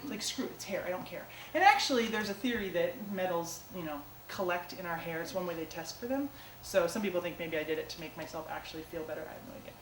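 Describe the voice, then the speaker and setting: A woman's voice: fairly low pitch, quick pace, recorded from a distance. Chatty woman telling stories in an echoey theater. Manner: chatty, self-mocking, lots of "like" and "you know". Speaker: comedic storyteller. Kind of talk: live stand-up storytelling. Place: small theater stage before a live audience. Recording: echoey theater taped from afar with audience noise.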